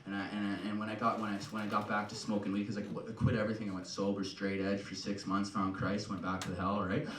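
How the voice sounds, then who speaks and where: Man, stand-up comic, profane, rambling, roomy live sound, heard from a distance, loud laughter behind. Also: lowish voice, completely flat delivery, fast talker, few pauses. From Canada. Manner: rambling, profane, with many "right?" and "you know?" tags. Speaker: stand-up comedian. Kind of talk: stand-up comedy set. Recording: echoey live room, mic heard from a distance, loud noise. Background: loud audience laughter.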